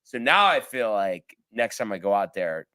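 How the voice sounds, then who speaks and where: A man's voice: on the low side, very animated, moderate pace, sharp tone. A man co-hosting a casual sports show, telling a long story in a rambling way with lots of fillers. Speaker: podcast co-host.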